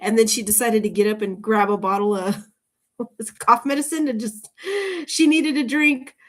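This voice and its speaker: A woman's voice: on the high side, moderate pace. A woman giving a casual tarot reading to camera, rambling off into tangents and laughing often between remarks. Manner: chatty, drifts into tangents. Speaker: tarot reader.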